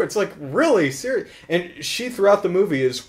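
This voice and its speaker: A man's voice: high voice, very animated, moderate pace. A man casually recapping a horror film in a joking, sarcastic way. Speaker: film reviewer.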